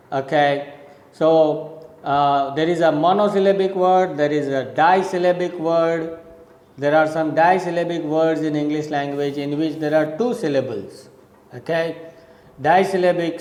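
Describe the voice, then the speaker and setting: A man's voice: a little high, a little mellow, reverberant, big-room sound, low-quality recording. A male college lecturer explaining poetry step by step, repeating points and checking in with "okay?". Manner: slow, repetitive explaining with frequent "okay?" checks. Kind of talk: recorded classroom lecture.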